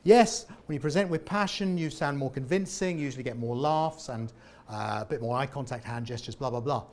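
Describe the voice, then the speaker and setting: A man, a former comedian, leading a lively interactive workshop on presenting and asking the audience questions. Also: medium pitch, fairly quick. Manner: animated, jokey, questions the audience. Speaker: presentation trainer. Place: meeting room with an audience.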